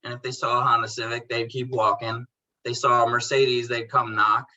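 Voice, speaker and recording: Guy on a podcast telling stories, super bright sharp voice, acts out the back and forth, says bro a lot. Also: mid-range voice, moderate pace, dull audio. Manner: animated storyteller who acts out both sides of conversations; laid-back slang, calls people bro and dude. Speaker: podcast guest, detailing business owner. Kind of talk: casual interview chat.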